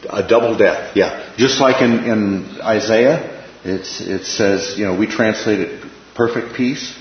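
Guy teaching a chill bible class, lowish voice, keeps saying right?, echoey muffled room. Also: measured pace, slight background noise. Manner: conversational, repeats phrases, checks in with "right?". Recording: echoey room, dull lo-fi sound.

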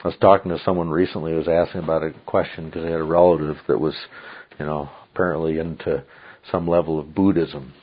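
A man teaching a Bible study, emphatic and checking in with frequent "okay?"s. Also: low-pitched. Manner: emphatic, repeats "okay?" often. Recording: dull lo-fi recording.

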